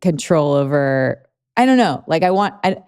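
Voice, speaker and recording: A woman's voice: low-pitched, animated, normal speed, a little mellow, clear, resonant tone. A woman in her thirties hosting a podcast, talking in a rambling way full of "like". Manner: rambling, lots of "like". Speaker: podcast host. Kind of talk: conversational podcast interview.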